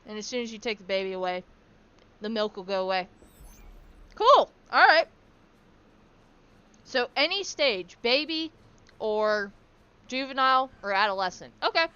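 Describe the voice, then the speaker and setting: A woman's voice: medium pitch, expressive, moderate pace, bright, forceful tone, clean tone, dull audio. A woman streaming a survival game, chatting casually, swearing freely and cooing at her in-game animals. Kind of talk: casual gameplay commentary.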